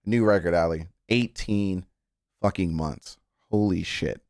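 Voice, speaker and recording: Excitable swearing streamer man. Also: unhurried, dry recording, studio quality. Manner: excitable, swears often, jumps high in pitch when worked up. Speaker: streamer reacting to music news. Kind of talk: casual live-stream chat.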